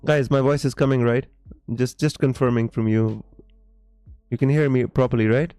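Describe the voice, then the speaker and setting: Smooth-voiced man chatting on a live stream. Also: mid-range voice, fairly even intonation, normal speed, mellow, no echo, soft background music. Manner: hesitant, many fillers and restarts, calls viewers mate; reads viewer comments aloud. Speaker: live stream host answering viewer questions. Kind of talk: casual live stream chat.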